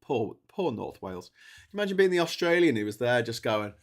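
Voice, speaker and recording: A man's voice: mid-range voice, big pitch swings, a little fast. A tired man hosting a solo livestream, talking in a rambling way with frequent restarts and fillers. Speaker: livestream host.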